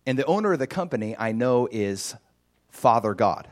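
A male preacher retelling a story in his sermon. He is lively and animated, and he talks in a casual way with filler words. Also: medium pitch, moderate pace.

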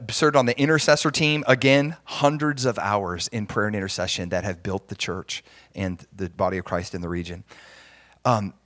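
A man's voice: lowish voice, a bit bright, dry recording. A middle-aged man preaching as a pastor, earnest and emphatic, often restarting his sentences. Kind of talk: sermon.

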